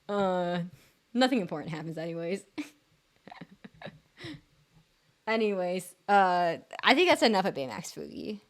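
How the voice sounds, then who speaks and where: A woman's voice: fairly low pitch, very animated, unhurried. A young woman streaming live, chatting casually to her viewers in a rambling, giggly, self-deprecating way with lots of fillers.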